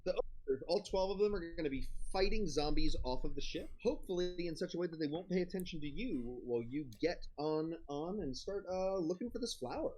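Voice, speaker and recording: A game master narrating a live tabletop game, relaxed and full of small ums and pauses. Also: mid-range voice, slight background noise, low-quality recording.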